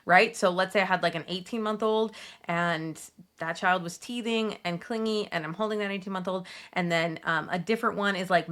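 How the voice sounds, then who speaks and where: A woman in her thirties, a Catholic mom coach, talking straight to her viewers in a chatty, gently soothing way. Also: fairly low pitch. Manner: warm, chatty, gently soothing self-talk asides. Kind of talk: direct-to-camera advice talk.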